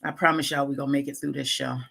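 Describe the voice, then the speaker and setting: A middle-aged woman hosting a casual live chat with her viewers, congested and clearing her throat, animated and calling them y'all. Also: very deep voice, quick pace. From Lackawanna, New York, USA. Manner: chatty, animated, laughing asides, calls audience y'all. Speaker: livestream host.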